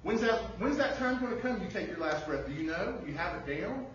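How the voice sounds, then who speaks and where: A pastor with a high-sitting voice and lively intonation preaches an emphatic sermon fairly quickly in a church sanctuary, firing rhetorical questions at the congregation. The recording is distant, muffled, and very echoey, with a little hiss or hum.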